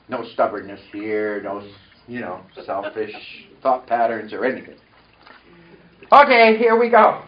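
In a church sanctuary, a pastor preaches a sermon, sharing a personal story and leading the congregation in call-and-response. His medium-pitched voice is very animated yet unhurried. The recording is echoey, distant and dull.

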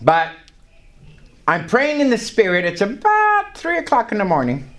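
A man's voice: sits high, wildly swooping pitch, moderate pace, fairly bright tone. An older man preaching a sermon in a church, telling a story with emphatic, rising lines. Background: congregation responding.

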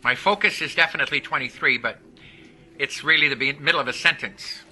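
A man's voice: on the high side, a little fast, bright, forceful tone, poor audio. A man preaching a sermon to a congregation, speaking emphatically and calling out for their responses.

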